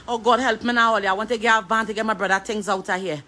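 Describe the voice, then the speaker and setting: Distraught Trinidadian woman, bright voice. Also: medium pitch, fairly even intonation, very fast. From Trinidad and Tobago. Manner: pleading, repetitive, breaking between laughter and tears. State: crying, distraught. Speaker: grieving sister. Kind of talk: distraught street appeal.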